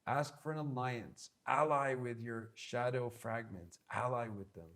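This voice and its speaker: A man's voice: medium pitch, a little slow, fairly bright tone. A man giving an instructional talk on spiritual practice, earnest and emphatic, with many repeated phrases. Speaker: spiritual teacher.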